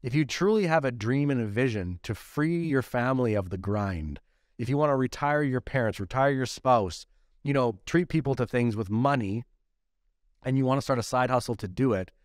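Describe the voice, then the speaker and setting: A man's voice: medium pitch, expressive, moderate pace, no echo, clean studio sound. A man co-hosting a podcast, giving blunt, profane motivational talk in a casual way. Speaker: podcast co-host.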